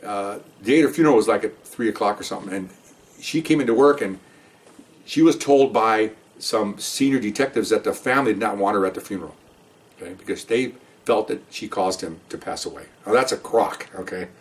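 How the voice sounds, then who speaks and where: Fast-talking man telling a cop story. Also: on the low side, distant mic. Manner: rambling, conversational, quotes others with animated voice. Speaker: retired police commander telling a story. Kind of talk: casual storytelling to camera.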